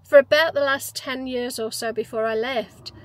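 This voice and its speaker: A woman's voice: high voice, steady tone, moderate pace, dry recording, poor audio. Chatty woman in her fifties. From Newcastle, England. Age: 50s. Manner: reflective, chatty, many restarts and fillers. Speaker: vlogger. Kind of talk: casual personal storytelling.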